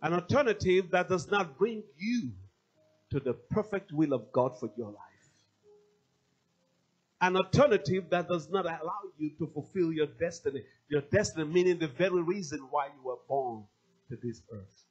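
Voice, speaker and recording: A man's voice: on the high side, lively intonation, normal speed, breathy edge, highs cut off. A male pastor preaching a sermon, emphatic and repeating his key phrases.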